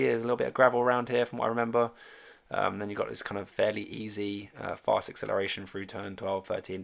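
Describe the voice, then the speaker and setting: A man's voice: fairly low pitch, vocal fry, fairly bright tone. A man casually chatting on a livestream, reading viewer comments and thinking aloud with lots of fillers and restarts. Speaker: streamer and fantasy sports host.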